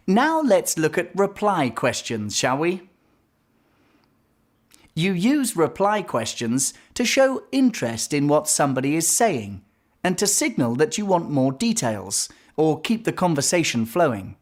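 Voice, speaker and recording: A woman English teacher narrating a grammar lesson in a clear, explaining way. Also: sits low, sing-song, unhurried, darkish tone. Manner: clear, explaining, reads examples aloud.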